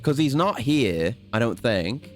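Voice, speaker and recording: Male streamer, mid-pitch, rambling self-mocking game commentary with casual swearing. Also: big pitch swings, unhurried, soft background music. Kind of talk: casual let's-play commentary.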